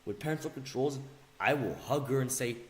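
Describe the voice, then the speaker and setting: A young man ranting angrily on video, mocking and insulting, swinging between low mutters and loud yells. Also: brisk. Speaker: video ranter. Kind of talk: angry rant video. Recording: echoey room.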